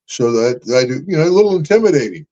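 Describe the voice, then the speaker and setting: An older American man with an American accent, telling lively road stories as an interview guest, chuckling and calling people brother. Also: fairly high pitch, fast talker, highs cut off. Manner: animated storyteller, chuckling, calls people brother. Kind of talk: storytelling interview.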